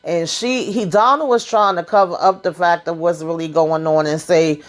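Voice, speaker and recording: Woman, slightly low pitch, sassy, colloquial, rambling asides, casual recap chat. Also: fairly even intonation. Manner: sassy, chatty, talks straight to viewers; colloquial, drawn-out asides with frequent fillers. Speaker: TV show recap host.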